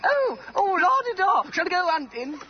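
An actor playing a cocky young wheeler-dealer who puts on a mock-posh voice in a film scene. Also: male voice, very high voice, sing-song, moderate pace, slight background noise. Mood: showing off. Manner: brash, showy, mock-posh. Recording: dull film soundtrack from a distance.

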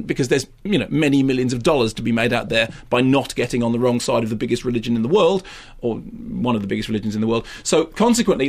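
A man co-hosting a film review chat, animated and mocking as he rants about a film. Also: medium pitch. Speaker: film critic co-host. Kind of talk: casual radio chat.

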